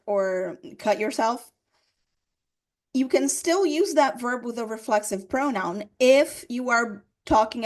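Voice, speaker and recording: Woman teaching grammar, fairly high. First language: Portuguese. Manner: explains patiently, repeats examples, checks with "right?". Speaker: English teacher. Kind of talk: grammar lesson explanation.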